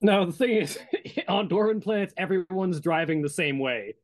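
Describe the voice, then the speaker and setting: A man's voice: sits high, expressive, normal speed. A man narrating and chatting as game master in a tabletop game, loose and easygoing.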